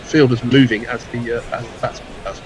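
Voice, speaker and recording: A man's voice: mid-range voice, steady tone, a little fast, poor audio. Dry-witted male cricket commentator. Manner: dry, wry asides between deliveries.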